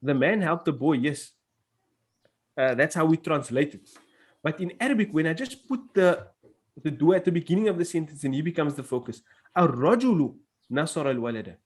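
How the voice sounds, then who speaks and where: A man's voice: fairly high pitch, lively intonation, fairly quick, breathy edge. A man teaching an Arabic grammar class in English, explaining step by step and reading out Arabic phrases.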